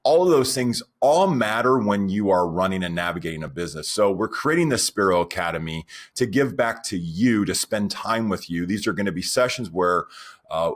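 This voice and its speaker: Animated man in his forties, low voice. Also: moderate pace. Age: 40s. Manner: animated storyteller, goes on rants. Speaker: podcast co-host. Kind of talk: casual podcast chat.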